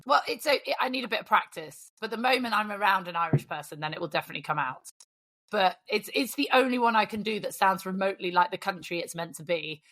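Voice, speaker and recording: A woman hosting a podcast in casual chat, lively and teasing. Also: medium pitch. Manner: lively, teasing and quick to laugh. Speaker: podcast host.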